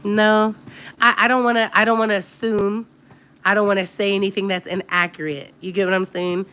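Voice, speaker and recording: A woman's voice: mid-range voice, fairly even intonation, a little fast, fairly bright tone, clear, resonant tone. A woman hosting a casual livestream chat, talking candidly and directly to her viewers. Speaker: livestream host.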